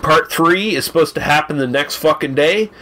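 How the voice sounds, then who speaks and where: A man's voice: on the high side, normal speed, sharp tone, slight background noise. A man in casual podcast chat, laid-back and wry with some swearing.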